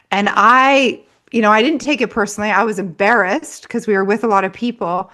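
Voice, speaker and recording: A woman's voice: mid-range voice, a little fast, few pauses, bright, forceful tone. A woman who works as a money mindset coach, a guest in an interview, telling a story in a chatty way with frequent laughs and fillers.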